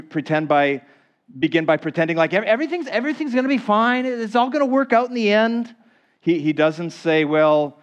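A male pastor preaching to his congregation, earnest and conversational. His voice sits a little high for a man. He slows down to read scripture with weight and often stops to ask his listeners questions. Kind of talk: sermon.

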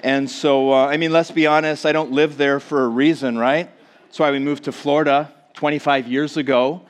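A man's voice: a little high, steady tone, normal speed. Casting: forties male pastor, Minnesotan accent, folksy and self-mocking, chatty sermon delivery. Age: 40s. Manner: joking, self-deprecating, chatty with many fillers. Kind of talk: casual sermon to a congregation.

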